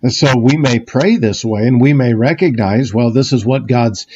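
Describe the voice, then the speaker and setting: A man's voice: medium pitch, moderate pace, darkish tone, husky, dull audio. A man preaching a sermon as pastor, reflective and conversational, with many fillers and restarts. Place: church sanctuary.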